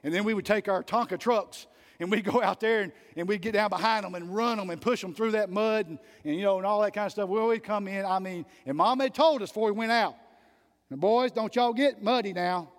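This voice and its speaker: A man preaching a sermon to his church, telling folksy stories and rising to loud emphatic peaks between quieter asides. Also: high voice, fast, long reverb tail. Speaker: pastor. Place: church sanctuary.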